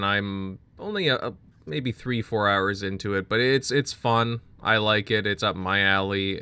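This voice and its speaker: Man, easygoing podcast host, low pitch, crisp forceful tone. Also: no echo. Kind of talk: casual chat.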